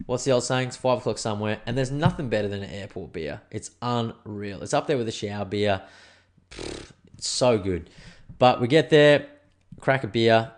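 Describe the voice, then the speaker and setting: A young Australian man in a casual podcast at home, spinning a yarn with animated, slangy energy and frequent swearing. His voice sits a little on the lower side. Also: moderate pace. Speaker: podcast host. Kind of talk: casual storytelling. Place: indoors at home.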